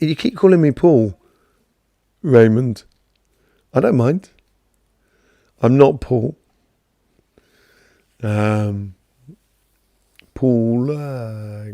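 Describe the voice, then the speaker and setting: Gravelly, mellow man, rambling chat. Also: medium pitch, takes it slowly, long pauses, dry recording, studio quality. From London, England. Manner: rambling, chatty, greets viewers by name, many fillers. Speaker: host of a live Q&A stream. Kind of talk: casual spiritual talk answering viewers.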